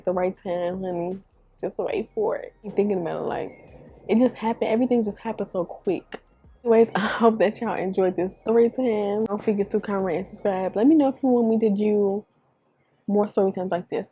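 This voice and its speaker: Young woman, chatty storytime vlog, mellow husky voice, dry close sound. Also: medium pitch, dry recording. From Chicago. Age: 20s. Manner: chatty, animated, addresses viewers as y'all. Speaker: beauty vlogger.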